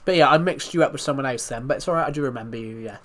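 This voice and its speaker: A British man streaming live and chatting with viewers, talking calmly with frequent restarts, his voice thick from being slightly ill. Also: medium pitch, rapid-fire. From United Kingdom. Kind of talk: casual live stream chat.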